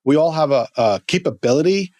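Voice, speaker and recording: A middle-aged man, a former fire lieutenant, tells an emotional story as a podcast guest, earnest and halting, often restarting his words. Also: fairly high pitch, expressive, a little mellow, no room sound.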